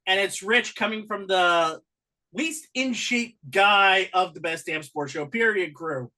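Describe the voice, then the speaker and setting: A podcast co-host in a loose wrestling recap, wry and teasing in quick exchanges. The voice has a bright, forward tone at a middling pitch. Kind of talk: casual wrestling recap chat.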